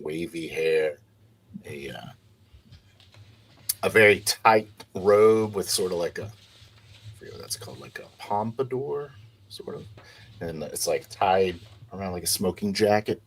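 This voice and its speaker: A man narrating a tabletop game as game master, with a hesitant delivery. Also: low voice. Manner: hesitant, many fillers.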